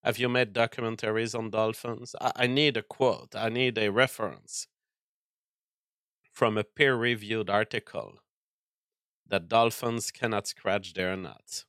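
Stream host, male, slow deliberate delivery, bright tense tone, mock-outraged and profane, repeats words as he restarts. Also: fairly low pitch, steady tone, dry recording, studio quality. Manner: mock-angry ranting, profane, stammering restarts. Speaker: livestream host reading chat. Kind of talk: casual livestream chat.

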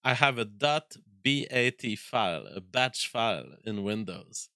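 A man with a noticeable French accent talks on a live stream in a crisp, forceful voice. He pauses and restarts often as he reads viewer messages and thinks aloud, and the sound is dry and close. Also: fairly low pitch, animated, no room sound. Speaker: livestream host reading viewer messages. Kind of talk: casual live-stream chat.

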